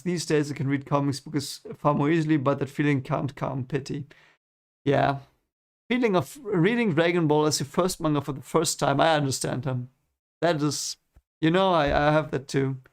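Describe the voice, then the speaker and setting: A man talks loosely on a live stream while reading comics, his voice sitting a little high with a gravelly rasp to it. He wanders from thought to thought, full of fillers and doubled-up words, and sounds keen on everything he brings up. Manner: rambling and enthusiastic, with many fillers and repeated words. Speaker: streamer reading webcomics aloud. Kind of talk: casual stream chat.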